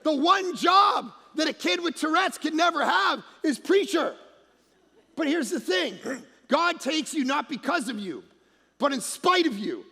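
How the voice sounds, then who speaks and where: A man preaching a lively, joking sermon, telling stories and shouting punchlines. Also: very high voice, unhurried, creaky. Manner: animated storytelling, shouts punchlines, mocks accents softly. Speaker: pastor. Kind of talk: energetic comedic sermon. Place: large church auditorium. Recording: long hall reverb.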